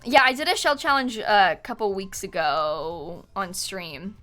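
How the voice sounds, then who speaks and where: Young woman game streamer, bright chatty voice, giggly, soft music under her. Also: mid-range voice, a little slow. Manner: chatty and giggly, reading out chat thanks. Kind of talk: casual live-stream chat while gaming. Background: faint music.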